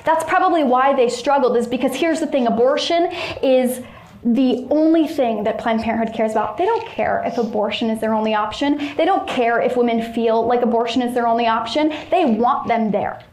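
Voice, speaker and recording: A woman's voice: a little high, a little fast, darkish tone, reverberant. A woman arguing as an activist in a heated debate, insistent and rhetorical, building points like a speech. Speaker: anti-abortion activist in a debate.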